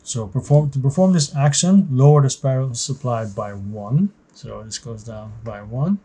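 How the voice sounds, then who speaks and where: Brief: male board game host, mid-pitched, mellow, reads rules and story aloud, explanatory. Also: moderate pace, slightly rough. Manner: explanatory, thinking aloud with fillers and restarts.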